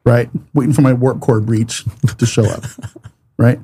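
A man's voice: mid-range voice, fairly even intonation, measured pace, dark tone, slight background noise. A man co-hosting a casual podcast, telling rambling stories with a lot of laughing and swearing. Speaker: podcast co-host. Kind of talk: casual storytelling chat.

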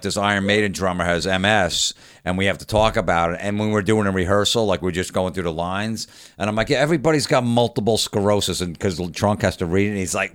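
A man's voice: lowish voice, no echo, studio quality. A man from Florida chatting casually as a podcast guest, acting out the voices of people in his stories. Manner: animated storyteller, acts out quoted voices. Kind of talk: casual storytelling chat.

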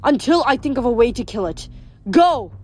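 A woman's voice: fairly high pitch, expressive, quick pace, a little mellow. A woman reading a book aloud, voicing a haughty teenage huntress who speaks in a formal, old-fashioned way. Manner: formal and archaic, curt.

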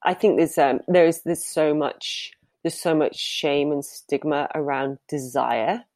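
A woman's voice: deep voice, steady tone, slow, darkish tone, dry recording. A woman, a professional dominatrix, answering interview questions in a candid, chatty way and laughing easily.

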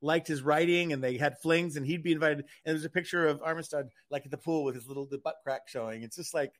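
A man's voice: a little high, fast. An older man co-hosting a radio talk show, chatting and gossiping in a self-deprecating way. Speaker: podcast co-host. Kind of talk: casual chat.

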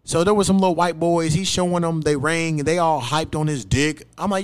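A young man with a slightly high voice tells a story on his podcast. He curses constantly and keeps it animated. He jumps up loud whenever he quotes himself. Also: a little fast, clear, resonant tone. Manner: profane, animated, acts out quotes loudly. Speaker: podcast host. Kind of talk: casual storytelling chat.

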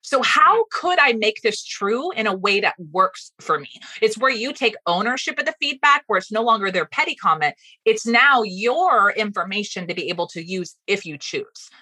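A woman guest on a podcast interview, a fast-talking, animated storyteller giving advice. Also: mid-range voice, breathy edge, no room sound. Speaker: guest speaking coach.

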